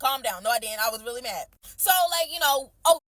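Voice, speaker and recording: A woman's voice: on the high side, quick pace, fairly bright tone, no echo. A young woman chattily retelling a family story in a casual, slangy way, full of fillers.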